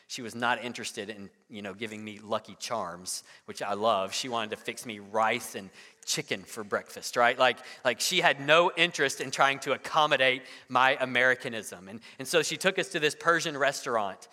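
A man's voice: medium pitch, normal speed, sharp tone. A man in his thirties preaching a sermon in a conversational way, often repeating words and asking "right?". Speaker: pastor. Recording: long hall reverb.

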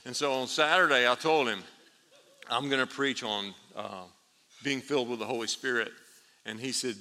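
Male pastor, bright tense tone, animated storyteller, long hall reverb. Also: mid-range voice, normal speed. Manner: animated storyteller, laughs at his own story. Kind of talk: sermon with storytelling.

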